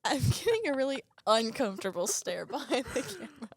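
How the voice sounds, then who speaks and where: A teenage girl, a chat show guest, talking loudly and playfully and laughing often. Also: fairly high pitch, big pitch swings, fairly quick, no echo. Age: teens. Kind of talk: casual chat.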